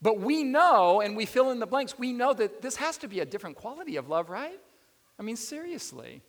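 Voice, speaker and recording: A man preaching a sermon as pastor, animated and often putting questions to his listeners. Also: very high-pitched, a little fast. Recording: long reverb of a hall.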